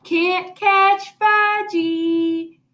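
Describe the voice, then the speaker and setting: A babyish little boy from a children's storybook, chanting his words in a high singsong. A woman reading aloud puts him on. The voice sits well above an ordinary speaking pitch. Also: sing-song, extremely slow, faint music behind, heavily acted. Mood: gleeful. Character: whiny little boy toddler, babyish and wild.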